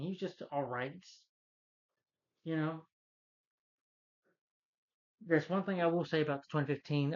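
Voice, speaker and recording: Casual male film reviewer, mid-pitched, loose rambling delivery, dull lo-fi sound. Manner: rambling, full of "you know" and "he's like". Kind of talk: casual movie review and plot recap.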